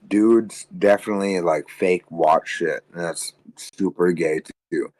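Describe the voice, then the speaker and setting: A man's voice: a little slow, hardly any pauses, a little mellow, no room sound, rough recording. Crude, tired man ranting on a stream. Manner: crude, rambling, swears constantly, mocks others in high voices. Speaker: livestream co-host. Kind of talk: casual livestream rant.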